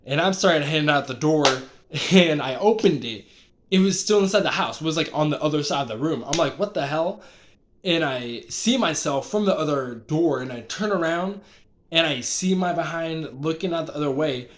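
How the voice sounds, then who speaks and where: A man casually recounting his dreams as a vlogger, rambling and excitable, with many fillers and restarts. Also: fairly high pitch, moderate pace, a little hiss or hum.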